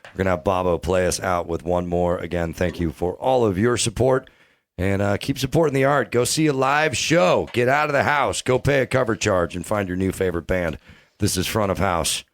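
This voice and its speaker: A man's voice: low-pitched, moderate pace. A man hosting a podcast, wrapping up the show with laid-back, friendly banter. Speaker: podcast host. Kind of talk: casual podcast outro.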